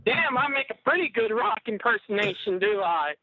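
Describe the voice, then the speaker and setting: High-voiced man on a tinny phone line. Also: big pitch swings, moderate pace, loud music behind the voice. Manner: joking, rambling, prone to pranks. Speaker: caller. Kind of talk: casual chat.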